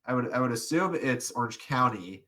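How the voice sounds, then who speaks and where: A man's voice: mid-range voice, animated, normal speed, pushed and bright, slight background noise. A young man co-hosting a casual podcast, rambling and restarting, often laughing as he talks. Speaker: podcast co-host. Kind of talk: casual chat.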